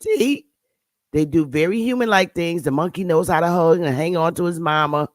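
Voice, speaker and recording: A woman's voice: on the low side, normal speed, no room sound. A woman hosting her channel, giving blunt, sarcastic casual commentary on pictures and scolding her viewers. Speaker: channel host.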